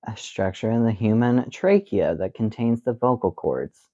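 A man's voice: on the low side, lively intonation, moderate pace, hardly any pauses, dark tone, muffled recording. A man co-hosting a casual podcast chat, playfully drawing out and enunciating words. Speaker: podcast co-host.

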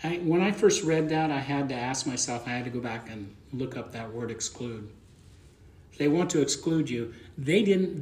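A man's voice: mid-range voice, darkish tone, echoey room. A man preaching a conversational sermon as pastor, plain-spoken and folksy, often repeating words as he thinks aloud.

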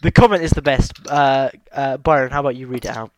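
A man hosts a loose podcast chat over a voice call, laughing a lot and tripping over his own restarts. His voice sits at an ordinary pitch and comes through dry and close, with no room around it. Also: quick pace, no echo. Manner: laughs often, restarts sentences. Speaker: podcast host. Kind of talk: casual chat.

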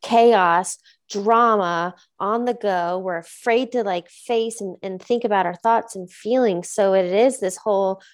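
A woman at an ordinary middle pitch, hosting a relaxed conversation. She speaks frankly and plainly and lets the odd swear word slip. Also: unhurried, few pauses. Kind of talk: casual conversation.

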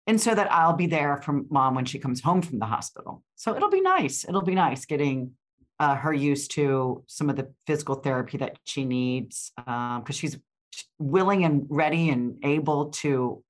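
A woman's voice: deep voice, unhurried. An older woman co-hosting a podcast, chatting casually and rambling with restarts and fillers. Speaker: podcast co-host. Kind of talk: casual chat.

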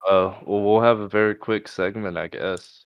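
A man's voice: on the low side, fairly even intonation, normal speed, smooth, dry recording, dull audio. A young man hosting a podcast, chatting casually in a laid-back way, swearing and laughing often. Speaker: podcast host. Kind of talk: casual chat.

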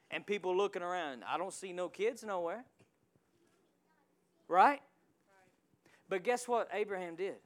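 A male pastor preaching a sermon in a church, calling out to the congregation and swinging from quiet asides to loud surges. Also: high voice, clean tone. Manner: call-and-response preaching with sudden loud surges.

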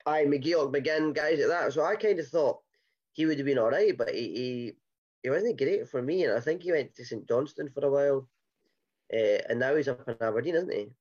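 A man's voice: mid-range voice, moderate pace, darkish tone, highs cut off. A Scottish man hosting a casual football podcast, chatty and rambling with many fillers and restarts. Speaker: podcast host.

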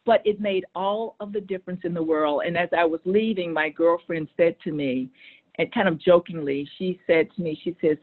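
A woman's voice: fairly low pitch, moderate pace. Storytelling woman on a tinny line. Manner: animated, acts out quoted voices. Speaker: guest telling a story. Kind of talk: conversational storytelling.

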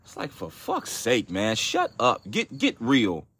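A man's voice: mid-range voice, wildly swooping pitch, measured pace, fairly bright tone, husky. A man hosting a solo podcast, ranting in a profane, exasperated way with frequent restarts. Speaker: podcast host.

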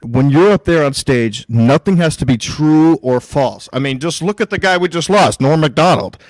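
A man's voice: fairly high pitch, lively intonation, a little mellow, dry recording, low-quality recording. A man hosting a podcast in casual chat, talking bluntly and swearing freely as he jokes. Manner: blunt, profane, quick to joke. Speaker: podcast host.

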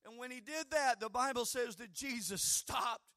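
Male preacher, high gravelly voice, fervent delivery from shout to hush. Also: moderate pace, a little hiss or hum. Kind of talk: sermon.

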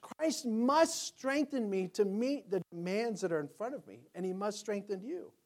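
A male pastor preaching a sermon, asking rhetorical questions, building in force and then dropping low. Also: lively intonation, normal speed, a little mellow.

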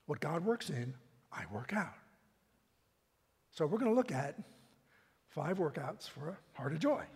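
A man's voice: fairly high pitch, husky. A man preaching a sermon as pastor, talking in a loose, conversational way with restarts and small laughs. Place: church hall. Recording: long echo of a big hall.

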